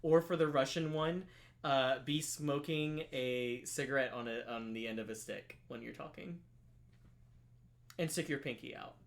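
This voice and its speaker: A man casually reading and commenting on a story game while streaming, playful and quick to get excited. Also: medium pitch, gravelly.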